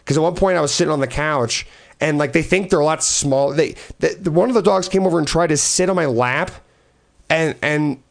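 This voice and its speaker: A man's voice: a little high, brisk, vocal fry. A man in casual chat, telling loose stories with lots of swearing and laughter. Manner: rambling storyteller, swears a lot, laughs often.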